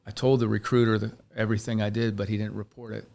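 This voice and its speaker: A Pennsylvania chiropractor appears as a podcast guest, speaking quickly in a lowish, creaky, slightly mellow voice with little pitch movement. He tells his life story candidly, earnest and reflective, with frequent restarts.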